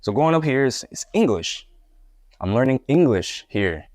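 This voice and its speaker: A young hip-hop artist from Puerto Rico tells his life story as a guest in a casual interview, candid and rambling with many restarts. His mid-range voice is sing-song and darkish, at a moderate pace, in studio quality with no echo.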